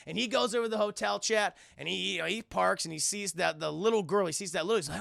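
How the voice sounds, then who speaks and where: A man recapping a film casually to his stream chat, animated and profane, often repeating himself. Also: high voice, fast, vocal fry, few pauses, no room sound, studio quality.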